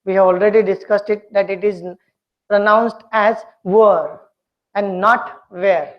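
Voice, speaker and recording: A woman teaching a pronunciation lesson, speaking slowly and deliberately and repeating words for her students to copy. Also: mid-range voice, level tone. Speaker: English communication skills teacher. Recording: dull lo-fi lecture recording.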